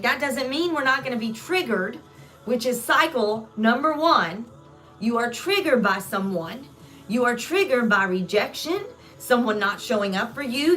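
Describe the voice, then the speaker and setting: A woman coaching live, talking earnestly and slipping into little acted-out snippets of everyday dialogue to make her point. Her voice sits fairly high, with faint music underneath. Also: fairly bright tone. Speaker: spiritual life coach.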